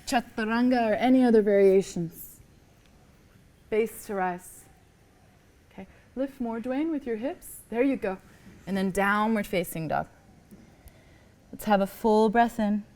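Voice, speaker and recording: Soft-spoken woman leading a yoga class. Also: mid-range voice, unhurried, pauses often. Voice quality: calm, encouraging cueing, often soft. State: slightly out of breath. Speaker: yoga teacher. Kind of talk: guided yoga class instruction.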